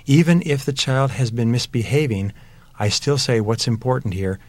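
A man's voice: mid-range voice, normal speed, no room sound. A man giving earnest, emphatic parenting advice in a motivational talk, building his points through repeated phrases. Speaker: parenting speaker.

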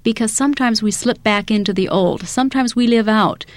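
A woman's voice: on the high side, brisk, no echo. A woman who works with parents, explaining ideas through everyday scenarios. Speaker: parenting educator.

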